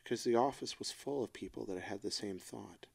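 Middle-aged male co-host; gravelly, slightly low; heartfelt, halting delivery. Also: darkish tone. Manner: reflective, emotional, halting. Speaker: podcast co-host. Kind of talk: casual chat.

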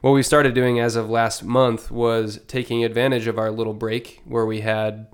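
A man co-hosting a casual podcast, sounding nasal from allergies, talking in a relaxed way with many fillers. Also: mid-range voice, moderate pace, smooth. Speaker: podcast co-host. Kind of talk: casual chat.

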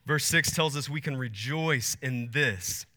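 A man's voice: mid-range voice, a little slow, pushed and bright. A man in his thirties preaching a sermon as pastor, earnest and building to emphatic peaks. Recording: long hall reverb.

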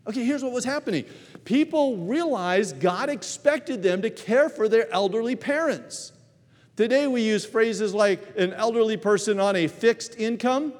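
A man preaching a sermon, telling stories with animated delivery and acting out quoted voices. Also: sits high, normal speed. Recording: reverberant hall.

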